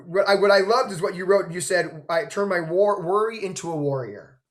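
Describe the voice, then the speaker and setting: A man with a high voice hosts a video call interview. He gushes with praise, full of fillers and emphatic encouragement. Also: moderate pace. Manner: effusive, gushing, filler "like" and "girl". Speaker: host, notary trainer. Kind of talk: emotional interview chat.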